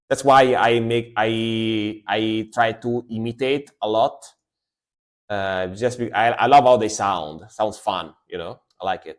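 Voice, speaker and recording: A man, chatting casually and rambling as he reacts to music on a live stream. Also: fairly low pitch. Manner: chatty, rambling, lots of fillers.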